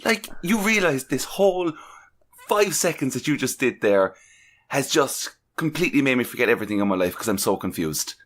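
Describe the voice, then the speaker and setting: A man's voice: medium pitch, lively intonation, a little fast, fairly bright tone. Incredulous swearing male podcast co-host. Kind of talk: casual chat.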